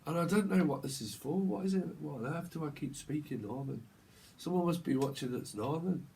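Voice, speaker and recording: A man's voice: a little high, fairly quick, vocal fry, dark tone, slight background noise. A man reading tarot in a casual vlog, rambling and repeating words as he goes, while he has a cold. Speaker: tarot reader.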